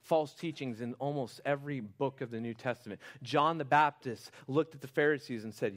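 A pastor preaching a sermon to his church, passionate, moving from quiet, intimate moments to loud, fervent exhortation. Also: a little high, fairly quick, hardly any pauses.

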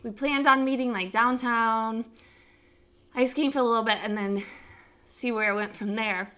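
A young woman with a high voice tells a casual story at a quick clip. She grew up in Africa, and she acts out every quote in a squealing, excited voice. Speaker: podcast co-host telling a story.

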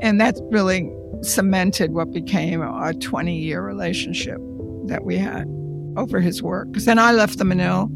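An art conservator recounting their career in an interview, in a measured, reflective storytelling manner. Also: mid-range voice, creaky.

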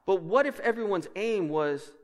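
A man preaching a sermon as pastor, emphatic, dropping to a hush and then rising loud, with rhetorical questions to the congregation. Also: sits high, animated, moderate pace. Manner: emphatic, swings between hushed and loud. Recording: reverberant church hall.

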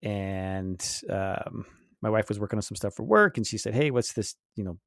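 A man in his fifties, co-hosting a podcast, telling a story in lively casual chat and laughing often. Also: lowish voice, moderate pace, gravelly, no echo, clean studio sound. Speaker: podcast co-host.

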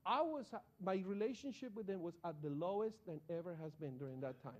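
A man preaching a sermon, telling a personal story in an animated, excitable way. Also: high-pitched, fairly quick. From Colombia.

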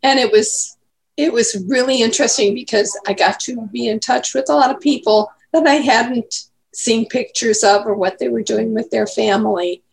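A woman's voice: a little high, normal speed, gravelly. A woman in her eighties, chatting casually as an interview guest and telling rambling stories. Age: 80s. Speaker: guest grandmother.

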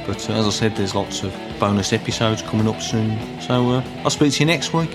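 A man's voice: lowish voice, fairly quick, music in the background. A man with a Birmingham accent hosting a podcast, talking casually in a dry, level, self-deprecating way. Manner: dry, level delivery with little show of excitement. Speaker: podcast host. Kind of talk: casual solo podcast talk.

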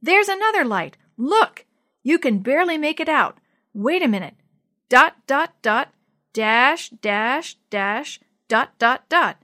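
Storybook son, earnest and urgent, high bright voice woman reading. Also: expressive, extremely slow, clear, resonant tone, exaggerated voice. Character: earnest boy, the father's son.

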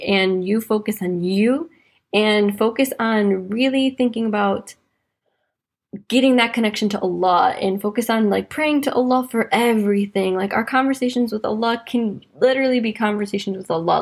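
Husky-voiced woman podcaster. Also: medium pitch. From United States, raised in Wisconsin. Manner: chatty, fills speech with "like", slows to stress points. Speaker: podcast host. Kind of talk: casual faith reflection and storytelling.

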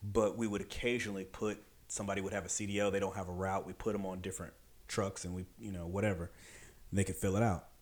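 A man telling a story in a casual, animated way, with emphatic delivery and quick voices for the people he quotes. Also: low-pitched. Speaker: podcast storyteller.

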